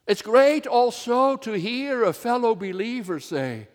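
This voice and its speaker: Minister, male, earnest measured sermon, very high voice, echoing hall. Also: very animated. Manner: slow, earnest preaching with swells of emphasis. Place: church.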